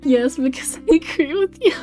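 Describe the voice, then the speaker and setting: A woman's voice: high voice, animated, moderate pace, mellow, soft background music. A woman streaming a game, commenting casually with frequent laughs and swearing, and reading its text aloud.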